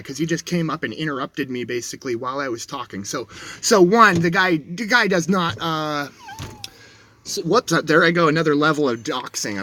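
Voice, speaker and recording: A man's voice: fairly high pitch, fairly bright tone, a little hiss or hum. A man livestreaming from inside a vehicle, telling a story in a rambling, shaky way, full of restarts and self-corrections. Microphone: dashboard camera.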